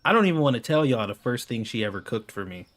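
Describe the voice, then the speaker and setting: A man's voice: mid-range voice, animated, fast, a bit bright. A man telling casual, exasperated stories over gameplay, swearing freely and laughing often. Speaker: gaming video creator.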